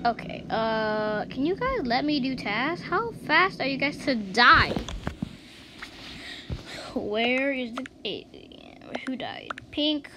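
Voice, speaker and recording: A woman giving casual gameplay commentary, chatting and reacting out loud to each round as the channel's host. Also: high voice, big pitch swings, takes it slowly. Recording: noisy home recording.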